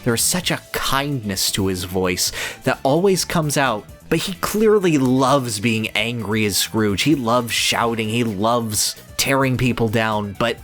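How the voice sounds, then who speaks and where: An enthusiastic co-host chatting casually on a podcast, praising a favorite show. The voice swings widely in pitch and breaks into laughter often. Faint music sits in the background. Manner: gushing, excitable, quick bursts and laughter. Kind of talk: casual chat.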